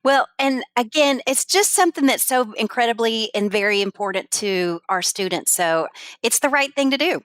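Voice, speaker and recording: A woman speech-language pathologist answering interview questions in an earnest, measured, modest way. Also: on the high side, expressive, a bit bright, dry recording.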